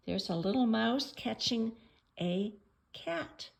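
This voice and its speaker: A woman reading a picture book aloud at home for children, playful and chatty, pausing to ask the listener questions. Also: lowish voice, big pitch swings.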